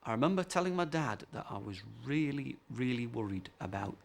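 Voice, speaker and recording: A man in his fifties interviewed for a documentary, reflecting on his childhood in a relaxed way. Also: mid-range voice, fairly quick, vocal fry, background noise.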